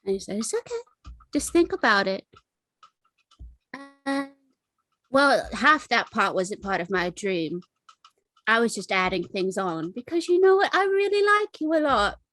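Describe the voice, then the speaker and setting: A woman's voice: medium pitch, expressive, measured pace, pauses often, fairly bright tone, no echo, low-quality recording. A woman voicing a stoned young female adventurer who rambles and keeps repeating herself. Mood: rambling, stoned. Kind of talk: in-character roleplay.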